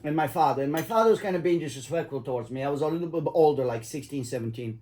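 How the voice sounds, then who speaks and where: A man's voice: on the high side, very fast, darkish tone. A middle-aged man casually telling his kids stories, rambling and swearing and laughing at his own tales. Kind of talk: casual storytelling.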